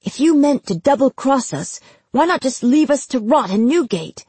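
A direct young swordsman with a hot temper talks plainly, voiced by a woman narrating a storybook. The voice is husky and gravelly. It sounds dry and close. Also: lowish voice, moderate pace, a little mellow, no room sound. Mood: angry.

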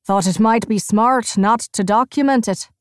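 A woman narrator voicing a sardonic young man who taunts in a dry, deadpan way. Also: fairly high pitch, normal speed, no echo, natural voice. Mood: mocking.

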